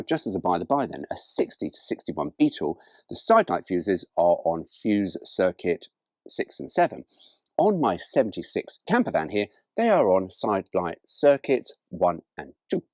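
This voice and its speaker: A man hosting a casual car vlog, animated and jokey, rambling from one aside to the next. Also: lowish voice, moderate pace, no room sound. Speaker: host.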